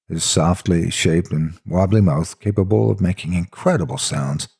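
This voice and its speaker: A man's voice: low voice, normal speed, hardly any pauses, a little mellow, slightly rough. A man narrating a horror story in the first person, with a dramatic, intense delivery.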